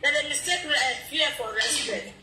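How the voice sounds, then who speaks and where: A woman speaks her mind, often laughing as she talks. Her voice is quite high. She is recorded in an echoey room with loud noise behind her. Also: expressive, normal speed. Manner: outspoken, laughing through her words. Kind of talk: casual chat.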